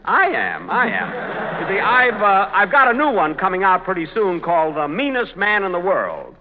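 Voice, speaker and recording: A man's voice: sits high, huge pitch swings, moderate pace. A man hosting a 1940s radio comedy, with hesitant stammers and dry comic timing. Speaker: comedy show host. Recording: hissy lo-fi old radio recording.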